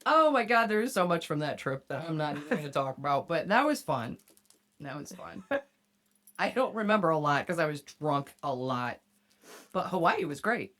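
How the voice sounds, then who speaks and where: A woman's voice: sits low, very animated, moderate pace, a bit bright. A woman hosting a podcast, telling a profane story in casual chat and laughing often. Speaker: podcast host.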